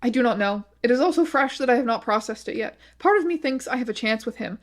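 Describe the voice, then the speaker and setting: Woman narrating posts in a measured tone. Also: fairly high pitch, expressive. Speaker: video essay narrator. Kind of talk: scripted narration of online posts.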